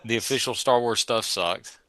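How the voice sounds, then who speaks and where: A man in his sixties co-hosting a podcast in casual chat who talks haltingly, with many restarts. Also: mid-range voice, bright, forceful tone, no room sound, clean studio sound. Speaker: podcast co-host.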